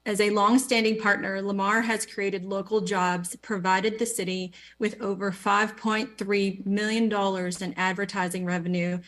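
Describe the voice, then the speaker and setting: A woman reads a prepared statement at a council meeting in a measured, formal way. Her voice sits at a middle pitch, and she sticks closely to her notes. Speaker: business representative giving public comment.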